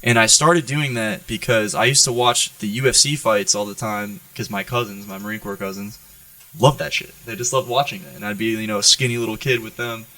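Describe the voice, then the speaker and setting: An American man, a Marine, telling profane, animated stories as a podcast guest and often checking in with "right?". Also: lowish voice, fairly quick, dry recording, distant mic, rough recording. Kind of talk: storytelling in an interview.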